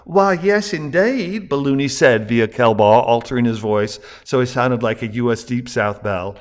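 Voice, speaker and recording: Older male storyteller, steady plain narration, mid-pitched. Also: moderate pace, smooth. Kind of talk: reading his own story aloud.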